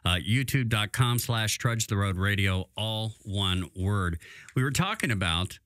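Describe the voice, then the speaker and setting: A middle-aged man with a fairly low voice speaks candidly on a radio show, with plenty of fillers. His voice sounds dry and close to the mic. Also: expressive, a little slow, fairly bright tone, no room sound. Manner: candid, confessional, many fillers. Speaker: co-host. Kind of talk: casual radio talk.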